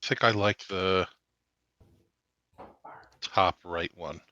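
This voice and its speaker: A man's voice: low-pitched, fairly even intonation, drawn-out words, pushed and bright, no echo, lo-fi sound. A man playing in a tabletop game stream, chatting casually with laid-back dry wisecracks. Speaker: player.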